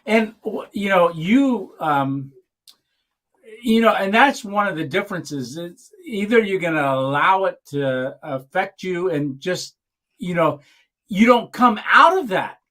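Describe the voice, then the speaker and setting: A man hosts a casual live stream chat and speaks earnestly, his feelings close to the surface. His voice is pitched a little high for a man. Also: lively intonation, a little slow, pushed and bright. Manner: earnest and emotional.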